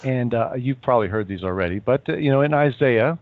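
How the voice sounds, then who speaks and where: A man in his fifties, a guest in a casual chat, relaxed, at times reading passages aloud. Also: medium pitch, fairly quick, no room sound. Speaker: guest, former Navy sailor. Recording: tinny phone line.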